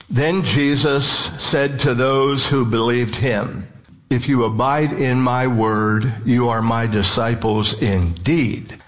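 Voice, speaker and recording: A man preaching a sermon in a measured, earnest way, slowing down to stress key phrases. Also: medium pitch.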